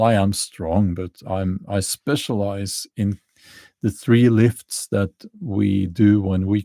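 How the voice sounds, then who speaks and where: A middle-aged Norwegian-accented man chats slowly through viewer questions on a livestream, pausing often on fillers and restarting his sentences. His low voice is gravelly and mellow. The sound is dry and close. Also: no room sound. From Norway. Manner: halting, many fillers and restarts, chuckles dryly. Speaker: livestream host answering chat questions. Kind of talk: casual livestream chat.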